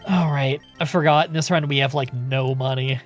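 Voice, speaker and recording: A man streaming a video game and chatting casually to his viewers, easygoing and loose with a bit of swearing. His voice sits at a middle pitch, and soft game music plays underneath. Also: moderate pace. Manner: relaxed and chatty, swears casually, answers chat questions. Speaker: streamer playing a game and reading chat. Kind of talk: casual live-stream chat.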